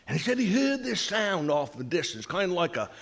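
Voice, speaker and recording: A man with a Maine accent spins a comic yarn in a slow, dry drawl. His voice sits a little high for a man. He delivers the punchlines deadpan. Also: creaky. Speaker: humorist storyteller. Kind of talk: comic folk storytelling.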